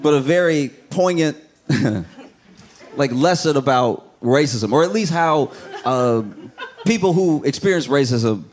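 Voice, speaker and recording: A man's voice: a little high, expressive, a little slow, a little hiss or hum. A man doing a stand-up comedy set, talking casually and rambling with many asides. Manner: conversational, rambling, with frequent asides.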